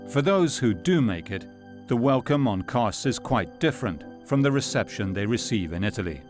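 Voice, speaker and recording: A man narrating a documentary in a measured, sober scripted delivery. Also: mid-range voice, lively intonation, soft background music.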